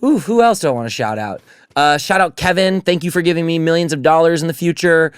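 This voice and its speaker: A man's voice: a little high, lively intonation, fast, clean tone, no room sound, studio quality. A man guesting on a comedy podcast, joking and bursting with enthusiasm. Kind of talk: casual comedic chat.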